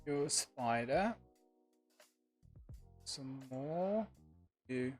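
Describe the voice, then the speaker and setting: Faint lo-fi music plays while this man, mid-range in pitch, streams a game and speaks very slowly but expressively. It's laid-back stream chatter, with him musing to himself and replying to viewers.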